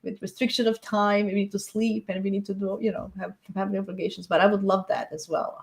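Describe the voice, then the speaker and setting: Woman host, chatty and encouraging, mid-pitched, live-stream astrology chat. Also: flat delivery, fast talker, creaky. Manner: chatty, encouraging, laughs often.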